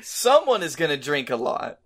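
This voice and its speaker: A man's voice: fairly high pitch, big pitch swings, normal speed, a bit bright. A young man co-hosting a comedy podcast, joking and playing along in casual chat. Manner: joking, plays along with bits. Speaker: podcast co-host.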